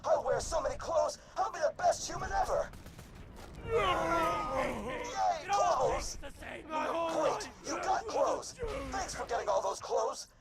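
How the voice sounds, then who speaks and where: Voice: very high-pitched, animated, slow pace, vocal fry, pauses often, heavy background noise, exaggerated voice. A chirpy childlike robot. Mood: eager. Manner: eager, cheerful, simple phrasing. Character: childlike robot longing to be human.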